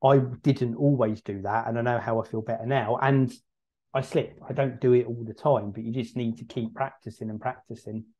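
A man's voice: mid-range voice, steady tone, normal speed, mellow. A man co-hosting a casual podcast, earnest and reflective. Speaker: podcast co-host.

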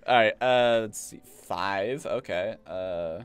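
A man streaming a video game, chatting casually and jokingly, even talking back to the characters. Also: on the low side, slow, clean tone, no echo. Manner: playful, jokey, talks to characters. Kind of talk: casual gameplay commentary. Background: game music.

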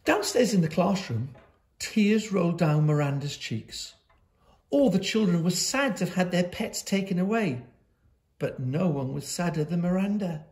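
Animated storyteller reading a picture book. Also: female voice, on the low side. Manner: lively voices for characters, slow dramatic pauses. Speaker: school storyteller. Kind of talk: expressive read-aloud of a children's picture book.

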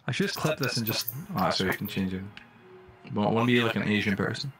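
A young man streaming a survival game, chatting casually and breaking into loud, startled, swearing reactions. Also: on the low side, fast talker, over music. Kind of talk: casual live-stream commentary.

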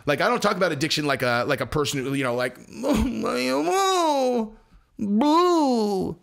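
Profane, animated male commentary host. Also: medium pitch, racing. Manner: profane, rambling, acts out voices mid-story. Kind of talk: casual commentary monologue.

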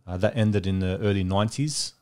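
Guest: a New man with a lowish voice who rambles through stories in relaxed podcast chat. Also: a little fast, clean tone. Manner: rambling storyteller, many fillers. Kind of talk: casual chat.

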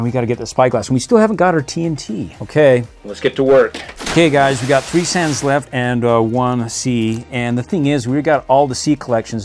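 A man hosting a casual toy unboxing video, chatty and excitable, often breaking into laughter. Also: medium pitch.

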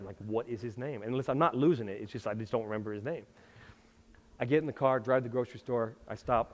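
A middle-aged male pastor preaching a sermon in a conversational, self-deprecating way, with lively asides. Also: medium pitch. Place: church sanctuary. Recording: long hall reverb.

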